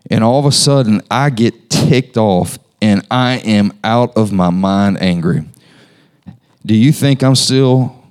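A man's voice: medium pitch, darkish tone, clear, resonant tone. A man preaching a sermon, talking conversationally and asking his listeners questions. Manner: conversational, asks the congregation questions.

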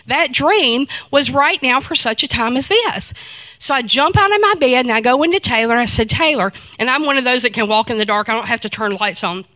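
A middle-aged woman giving a personal faith testimony, telling it as a lively story and acting out the dialogue. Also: a little high, no room sound.

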